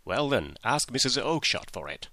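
A man voicing an angry market salesman who shouts at a pestering customer. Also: mid-range voice, very animated, normal speed, no room sound, voice pushed up. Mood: furious. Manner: shouting, fierce.

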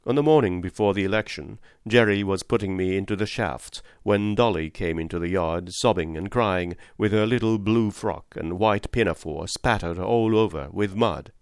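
A man narrating an audiobook in a measured storytelling manner. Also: deep voice, smooth, dry recording, studio quality.

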